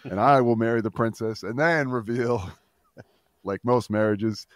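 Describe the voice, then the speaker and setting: A man's voice: mid-range voice, a little slow, dry recording, clean studio sound. A man appearing as a guest on a casual podcast, often laughing as he talks. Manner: laughs often while talking.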